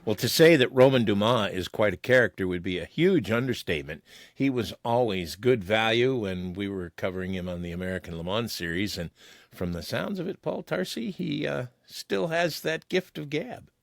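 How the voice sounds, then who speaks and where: A man's voice: on the low side, moderate pace, creaky, no echo, clean studio sound. A man hosting a podcast in casual chat, talking straight to the listeners. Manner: chatty, addresses listeners. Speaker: podcast host.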